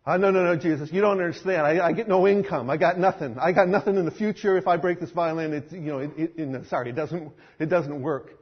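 A man's voice: on the high side, fast talker, few pauses, slightly rough, highs cut off. A man voicing a young male street violinist who pleads and stammers in a sermon story. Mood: pleading.

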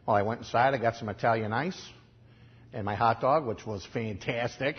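A man with a Chicago accent preaching a sermon, telling stories in a conversational way and swinging from quiet asides to loud, emphatic lines. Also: medium pitch, moderate pace, dull audio, slight background noise. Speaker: pastor.

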